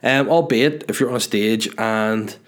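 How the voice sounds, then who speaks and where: A young Northern Irish comedian answers viewer questions in a casual chat, reading their messages aloud and keeping things loose, jokey and sweary. His voice is lowish and a little slow.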